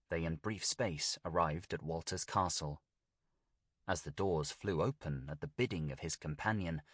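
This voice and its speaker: A man narrating a gothic tale as an audiobook reading, in a steady, deliberate storytelling manner. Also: sits low, husky, no echo, clean studio sound.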